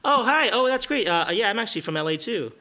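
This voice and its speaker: A man's voice: high-pitched, expressive, moderate pace, vocal fry, bright, forceful tone, voice pushed up, full character voice. A man doing a gushing overeager stranger. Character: excited man from Los Angeles barging in. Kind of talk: improv comedy scene.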